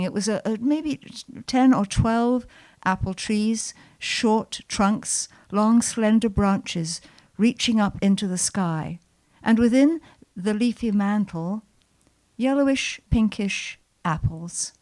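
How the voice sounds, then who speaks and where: A woman storyteller telling a personal memoir to a live audience in a lyrical, expressive way. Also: mid-range voice. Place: showroom with audience.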